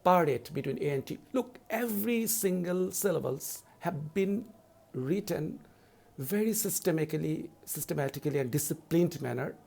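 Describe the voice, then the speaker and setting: A middle-aged man teaching verse in an online lecture, his voice a little high and noticeably gravelly. He explains step by step in a slow, deliberate way. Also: lively intonation, a little mellow. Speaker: university English lecturer.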